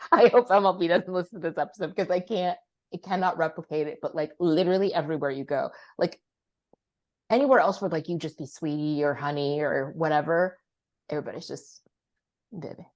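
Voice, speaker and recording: A woman's voice: sits low, a little fast, darkish tone, lo-fi sound. A woman co-hosting a podcast over a video call, chatting casually with emphatic agreement. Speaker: podcast co-host. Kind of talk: casual chat.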